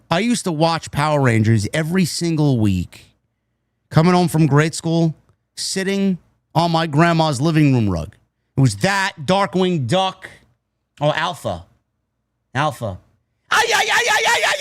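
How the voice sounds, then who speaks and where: A man's voice: on the high side, expressive, measured pace, no room sound, clean studio sound. A man reviewing a wrestling show in a casual, rambling way, swearing freely and drifting into tangents. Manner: profane, nostalgic, tangent-prone.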